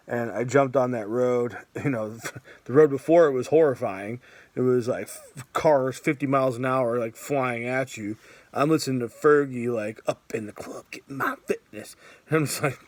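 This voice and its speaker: Man, 30s, casual vlog storytelling, laughs a lot, filler words, mid pitch, dry close recording. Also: dry recording. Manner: chatty, laughs often, many fillers. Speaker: vlogger.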